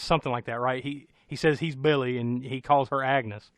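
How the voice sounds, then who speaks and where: A man's voice: mid-range voice, steady tone, brisk, no room sound. An American man casually recapping a horror film on a podcast, rambling and laughing, with a profane storytelling manner. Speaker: podcast co-host.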